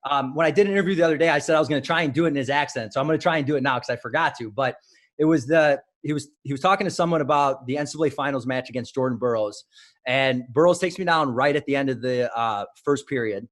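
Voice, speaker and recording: A man's voice: mid-range voice, quick pace. Man telling stories in a casual interview. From Illinois, United States. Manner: rambling, self-correcting storyteller. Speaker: wrestling coach, podcast guest.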